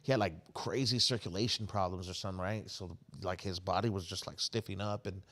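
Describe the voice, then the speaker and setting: A man's voice: deep voice, fairly even intonation, brisk, a bit bright. A man co-hosting a podcast in casual chat, full of street slang and "you know what I mean". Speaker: podcast co-host.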